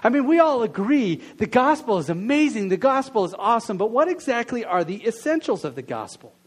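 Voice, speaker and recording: A man's voice: very high-pitched, very animated, a little fast. A man preaching a sermon, opening with a prayer, then asking the congregation a string of questions. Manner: earnest, questioning, drops softer in prayer. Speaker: pastor.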